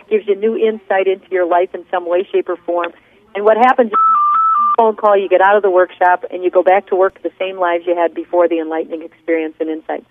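A woman's voice: medium pitch, dry recording. Earnest woman coaching over a phone line. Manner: earnest and preachy, tells stories. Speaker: class leader and coach. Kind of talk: motivational teleconference class.

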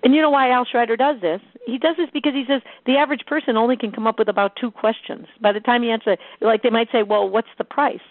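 A woman coaching a sales team, energetic and emphatic, repeating her key points. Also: on the high side, quick pace, few pauses, no room sound. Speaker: sales trainer. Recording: tinny phone-like line, dry.

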